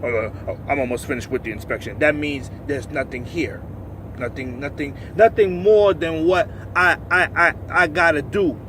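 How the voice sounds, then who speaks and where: A man, a truck driver, angrily ranting in a vlog outdoors by his truck, cursing often and breaking into shouts. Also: high voice. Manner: profane, agitated, rising to shouts. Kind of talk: angry vlog rant. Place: outdoors by a truck at a loading yard. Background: faint vehicle and outdoor noise.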